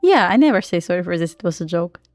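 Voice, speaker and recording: A woman's voice: on the low side, very animated, quick pace, a little mellow, no echo, soft background music. Chatty woman with a Russian accent. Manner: chatty, frequent laughs and "like" fillers. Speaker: live-streaming day trader. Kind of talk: casual live-stream chat.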